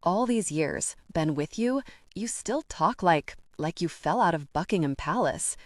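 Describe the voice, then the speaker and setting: A woman voicing a dying older male crime boss who speaks in a weak rasp, gruff and teasing. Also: lowish voice, expressive, measured pace, dry recording. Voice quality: rasping. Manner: gruff tough love. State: weak, short of breath.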